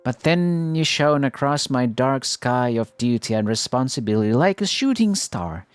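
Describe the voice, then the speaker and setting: A man's voice: medium pitch, animated, moderate pace, clear, resonant tone, no echo, faint music behind, pitched below the performer's own voice, lightly acted. Yukari, a man voicing a poised dutiful heiress. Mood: tender. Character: poised teenage heiress girl, dutiful and lonely. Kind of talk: reading a game story aloud with voices.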